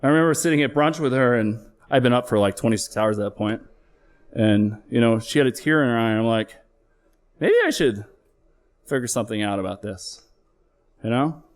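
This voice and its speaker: A man's voice: medium pitch, fast talker. A middle-aged man, a flight paramedic, telling a candid personal story on stage with earnest emotional swells.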